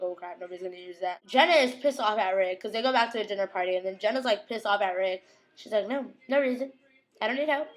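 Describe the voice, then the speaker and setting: A young woman giving a casual fan recap of a TV episode, chatty and slangy, acting out scenes in quick quoted asides. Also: medium pitch, rough recording.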